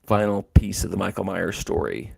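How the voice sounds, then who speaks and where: A man hosts a casual livestream, rambling along with lots of fillers and restarts. His voice sits low and is deeply gravelly, with a dark, mellow tone. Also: lively intonation, moderate pace. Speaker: host.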